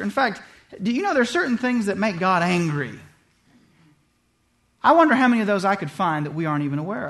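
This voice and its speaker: High-voiced man preaching a lively sermon. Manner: animated storytelling, acts out quoted voices. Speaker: pastor. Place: church.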